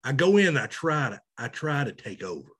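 A man, co-hosting a podcast in casual chat, animated and self-mocking. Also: medium pitch, a little fast, slightly rough. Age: 30s. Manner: animated, loud, self-mocking, laughs often. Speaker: podcast co-host.

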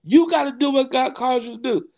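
A man's voice: very high-pitched, fairly quick, a little mellow, muffled recording, pitched above the performer's own voice. A man voicing a stern older male pastor who firmly scolds in folksy speech. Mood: scolding.

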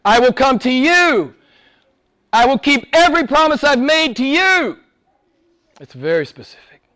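A male pastor preaching a sermon, swinging between loud exhortation and hushed whispers, with laughs between points. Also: very high-pitched, big pitch swings, measured pace.

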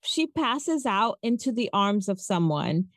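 A woman recapping a movie in casual chat, animated and sarcastic, swearing freely. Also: mid-range voice, a little slow, no room sound, studio quality.

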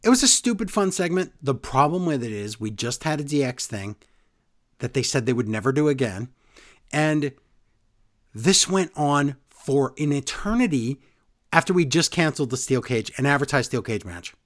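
A man's voice: medium pitch, lively intonation, normal speed. A man co-hosting a casual chat, retelling a show in detail and briefly mimicking the people he quotes. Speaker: podcast co-host recapping wrestling.

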